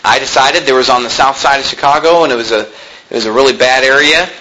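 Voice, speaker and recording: A male pastor preaching a sermon in an emphatic way, mocking street preachers with loud shouted impressions. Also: mid-range voice, fast, a little hiss or hum, low-quality recording.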